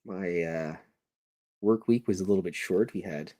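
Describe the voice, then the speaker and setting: A middle-aged man with a low, deep voice rambles along in relaxed, casual chat as he draws. He slips into jokes and teasing jabs at himself, and his talk wanders from one topic to the next. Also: normal speed. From Canada. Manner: joking, self-deprecating, meandering. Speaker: podcast host and cartoonist.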